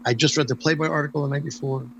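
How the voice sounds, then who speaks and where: An older man recounts stories in an interview, voice sitting a bit high for a man. He slips into the voices of the people he quotes as he goes. A faint hum sits under the recording. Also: rapid-fire, low-quality recording. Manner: animated storyteller, acts out quoted dialogue. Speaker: interview guest. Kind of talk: storytelling anecdotes in a casual interview.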